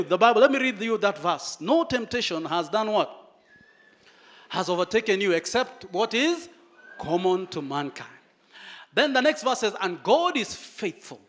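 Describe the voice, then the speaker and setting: High-voiced preacher. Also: male voice. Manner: animated preaching, dramatic pauses and storytelling. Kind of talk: sermon.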